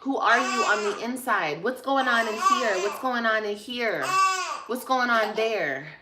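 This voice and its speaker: A woman's voice: a little high, expressive, a little slow, very noisy. A woman vlogger ranting on a livestream, blunt, profane and passionate, reading and answering viewer comments. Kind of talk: livestream rant.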